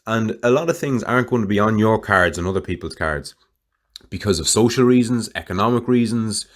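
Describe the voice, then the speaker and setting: A man's voice: fairly low pitch, lively intonation, fairly quick. A man hosting a solo podcast, talking candidly in a rambling way and swearing freely. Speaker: podcast host.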